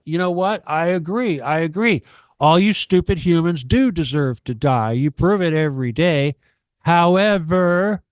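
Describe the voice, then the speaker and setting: A man with a slightly high voice lectures a radio audience, swearing often and hammering his points through repetition. He sounds close to the microphone, with almost no room around him. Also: clear, resonant tone, dry recording. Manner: profane, emphatic, preachy, repeats himself. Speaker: guest on a radio talk show. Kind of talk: ranting radio talk.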